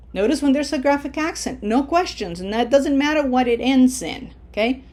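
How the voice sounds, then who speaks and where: A woman teaches Spanish word stress at a deliberately unhurried pace. She draws each example word out slowly and coaches the learner with short asides between drills. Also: a little high. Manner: slow, drawn-out modeling of Spanish words with coaching asides. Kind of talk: language lesson.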